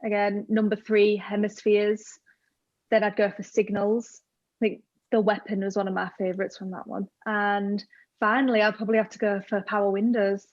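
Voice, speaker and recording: A woman's voice: mid-range voice, level tone, normal speed, no room sound, dull audio. A young woman from England, a podcast guest telling fan stories in casual chat with enthusiasm. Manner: enthusiastic storytelling.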